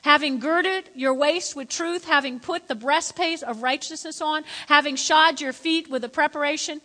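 A woman preaching a sermon in a church, quizzing her congregation in a lively way and swinging between quiet and loud. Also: high voice, moderate pace, long reverb tail.

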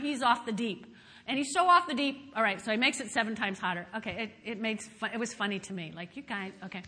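A woman pastor preaching a sermon, telling stories in an animated way, moving from hushed asides to shouted praise. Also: a little high, fast. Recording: long hall reverb.

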